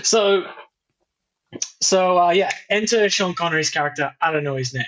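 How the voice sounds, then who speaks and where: A man's voice: sits high, expressive, moderate pace, a bit bright, dull audio. A man co-hosting a casual film podcast, recapping plots in an easygoing way. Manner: easygoing plot recaps with fillers. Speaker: podcast co-host. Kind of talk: casual chat.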